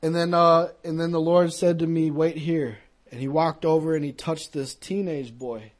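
A man's voice: a little high, steady tone, normal speed. A man giving an earnest personal testimony in a conversational storytelling way, speaking to a young audience.

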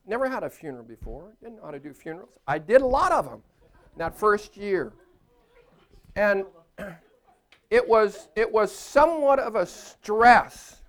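A man's voice: sits high, fairly bright tone. An older man preaching a sermon as a pastor in a church, chatty and playful, laughing at his own jokes.

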